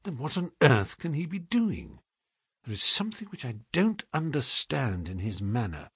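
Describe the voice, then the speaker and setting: A man voicing a keen male detective who speaks in a low, hushed, probing way. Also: sing-song, moderate pace, husky, no room sound, studio quality, exaggerated voice. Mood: hushed puzzlement.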